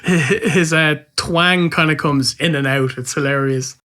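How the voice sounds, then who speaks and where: A man's voice: a little high, unhurried, background noise. Laughing male podcast co-host. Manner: laughing, loose banter with swearing. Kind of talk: casual review chat.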